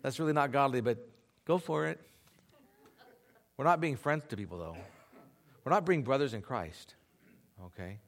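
A man's voice: medium pitch, animated, normal speed, long pauses. A man preaching a sermon as pastor, earnest and conversational, often checking in with his listeners.

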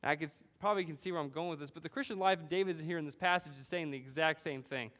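A man's voice: on the high side, rapid-fire. Man preaching in a reverberant hall. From California. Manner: animated storytelling, rhetorical "right?" asides. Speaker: pastor. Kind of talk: sermon.

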